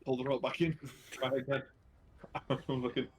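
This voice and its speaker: Casting note: man at a game table, middle pitch, halting and casual, full of fillers. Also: flat delivery, noisy background. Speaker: player.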